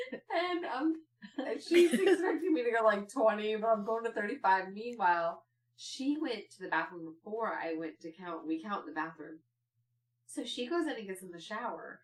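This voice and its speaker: A woman's voice: moderate pace, recorded from a distance. A woman co-hosting a podcast, telling family stories in casual chat and laughing as she goes. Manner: laughs through her stories, shifts into shrill excited quotes. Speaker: podcast co-host.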